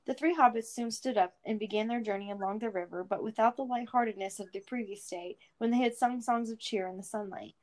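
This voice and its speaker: A woman reads a fantasy storybook aloud with expressive, unhurried narration. Her voice sits a little above the usual pitch for a woman. She shapes each scene with care. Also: rough recording.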